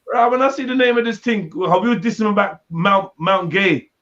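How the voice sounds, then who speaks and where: A man hosting a casual livestream, loud and teasing, swearing freely between bursts of laughter. His voice sits a little high, and the sound is dull and lo-fi like stream audio. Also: moderate pace. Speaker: livestream host.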